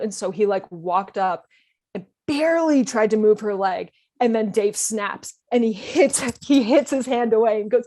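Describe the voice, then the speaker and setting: A young woman on a podcast, telling a story in casual chat and acting out other people's lines in animated bursts. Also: on the high side, moderate pace. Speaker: podcast guest.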